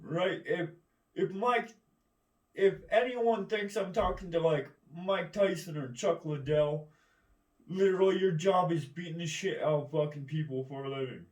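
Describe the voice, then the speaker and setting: A man's voice: on the high side, measured pace, a little mellow. A man ranting in a rambling, combative monologue, swearing constantly and often asking "right?". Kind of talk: profane monologue rant. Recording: echoey room, distant mic.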